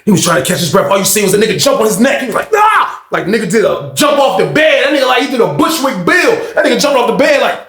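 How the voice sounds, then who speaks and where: Gravelly, animated man telling a story. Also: high voice, rapid-fire, hardly any pauses. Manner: animated, profane, acts out voices and sound effects. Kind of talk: casual storytelling. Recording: roomy echo.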